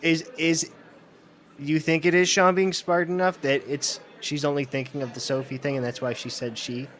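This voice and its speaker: A man's voice: on the high side, level tone, moderate pace, a bit bright, slight background noise. A man co-hosting a book podcast, asking questions and laughing as he talks through the story. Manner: questioning, laughs often, swears. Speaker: podcast co-host. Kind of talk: casual book discussion.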